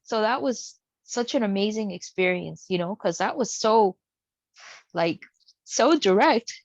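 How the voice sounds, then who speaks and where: A woman's voice: mid-range voice, expressive, measured pace, no echo. Woman, casual personal storytelling, chatty, dry lo-fi recording. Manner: chatty, acts out the people she quotes. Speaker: guest sharing a spiritual experience. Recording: dull, dry lo-fi sound.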